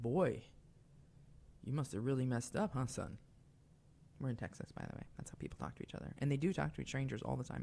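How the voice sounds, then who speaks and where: Her voice is low-pitched, gravelly, and darkish in tone. She's a young call-in radio host who keeps the talk casual, confiding and chatty, with plenty of fillers and asides.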